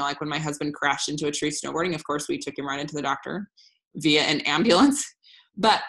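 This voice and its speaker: This is a deep, fairly bright female voice belonging to a woman in her thirties. Over screen share, she delivers a relaxed, positive business training talk that's candid and full of false starts.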